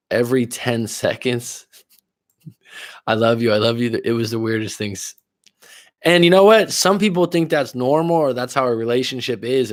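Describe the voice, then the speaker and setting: A man's voice: fairly low pitch, dry recording, studio quality. A man coaching on relationships during a livestream, chatting casually, reading viewer comments and telling personal stories with frequent laughs.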